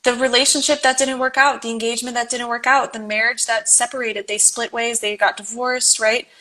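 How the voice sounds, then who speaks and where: A woman with a bright voice sitting a touch above the usual pitch talks about relationships as host. She is earnest and affirming, agreeing readily and speaking in an open, casual way. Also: flat delivery, brisk. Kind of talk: casual conversation.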